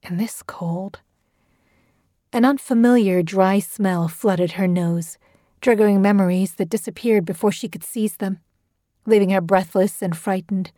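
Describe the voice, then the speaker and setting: Horror narrator: woman, steady and measured, mellow dark tone, dry close mic. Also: medium pitch, dry recording. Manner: measured, steady storytelling delivery. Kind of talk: scripted horror story narration.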